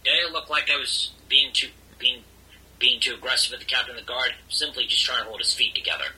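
A man's voice: medium pitch, fast, sharp tone, husky, low-quality recording. A man playing his character in a tabletop role-play, explaining himself with stammering, repeated restarts. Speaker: player.

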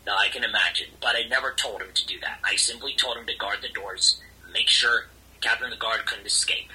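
Bright, raspy man in a tabletop role-play. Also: on the low side, brisk, poor audio. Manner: repetitive, stammering restarts while explaining himself. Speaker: player.

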